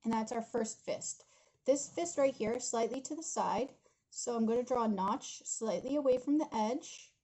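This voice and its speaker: A woman's voice: a little high, moderate pace, mellow, poor audio. A young woman talking viewers through a drawing tutorial from her home studio, chatty and giggly, calling them guys as she goes. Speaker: art instructor.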